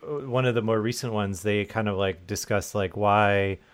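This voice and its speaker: A man's voice: on the low side, steady tone, normal speed. A man co-hosting a podcast in casual chat, sardonic and dry, swearing freely. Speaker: podcast co-host.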